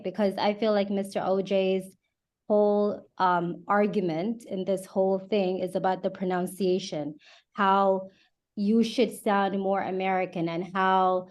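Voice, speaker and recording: A woman English teacher making her point in an online debate, measured and steady. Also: medium pitch.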